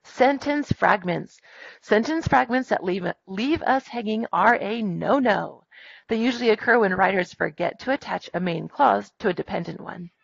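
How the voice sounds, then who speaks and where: A woman teaching a grammar lesson in a classroom, brisk and firm with her students as she dictates punctuation aloud. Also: medium pitch, animated, gravelly, husky, no echo, lo-fi sound.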